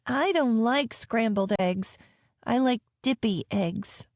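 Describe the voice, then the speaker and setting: A woman's voice: fairly high pitch, slow, no room sound, studio quality. A woman voicing a defiant eight-year-old girl with a whiny, sulky way of talking.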